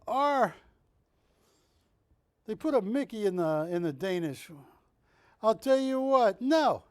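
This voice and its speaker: High-voiced, joking shopping-channel salesman. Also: very animated, slow, a little mellow, smooth, no echo, studio quality. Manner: jokey, teasing, pushy salesman patter. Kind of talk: live television sales pitch. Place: television studio.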